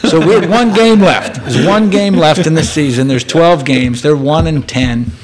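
A man's voice: fairly high pitch, normal speed, crowd noise. Chatty man in his thirties telling a story. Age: 30s. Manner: chatty, laughs often, restarts. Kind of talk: casual storytelling chat.

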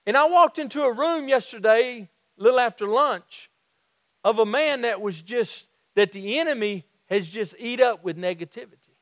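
Southern guy preaching, kinda high voice, folksy, repeats himself a lot, dry sound. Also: expressive, fairly bright tone, no room sound. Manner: folksy, repeats and restarts phrases, slows for emphasis. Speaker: pastor. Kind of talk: sermon.

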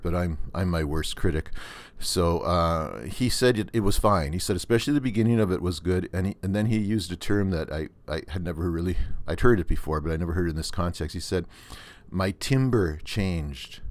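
An older Canadian man with a very low, deep voice hosts his podcast alone. He talks casually and earnestly, rambling and restarting his sentences as he goes. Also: quick pace. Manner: rambling, with many restarts and fillers. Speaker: podcast host. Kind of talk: casual monologue.

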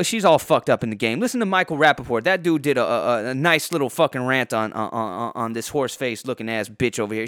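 A podcast host delivers a heated, heavily profane rant, swearing constantly. His voice is a bit high, pushed and bright, yet worn out from a sore throat, captured in a clean studio with no echo.

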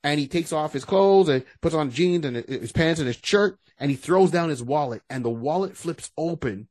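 A man co-hosting a casual podcast, animated and breaking into quoted voices as he talks. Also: on the high side, normal speed, dry recording. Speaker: podcast co-host. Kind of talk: casual chat.

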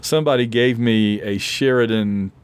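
A man's voice: medium pitch, normal speed, clear, resonant tone. Chatty man losing his voice. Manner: chatty fan, laughs often, restarts sentences. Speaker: podcast co-host. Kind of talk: casual chat.

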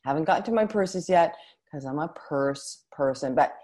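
A woman with a low-pitched voice hosts her own podcast, talking to listeners in a casual monologue. She is expressive and animated, often restarting her sentences as she goes. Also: normal speed. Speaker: podcast host.

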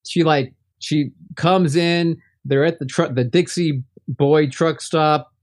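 A man's voice: a little high, steady tone, slow pace. A man co-hosting a casual movie-review podcast, rambling with many restarts and frequent laughs. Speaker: podcast co-host.

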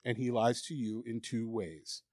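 A man delivers a sermon with emphatic, candid conviction, sometimes slowing right down to stress a point. His voice sits at a middle pitch and sounds dry and close to the mic. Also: darkish tone, no room sound. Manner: emphatic, candid, acts out mocking inner voices. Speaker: preacher.

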